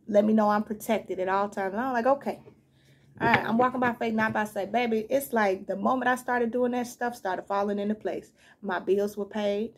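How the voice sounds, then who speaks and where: A woman giving a casual tarot reading, chatty and animated, frank and blunt, calling her listeners y'all and baby. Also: mid-range voice. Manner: frank and blunt, swears now and then. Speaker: tarot reader.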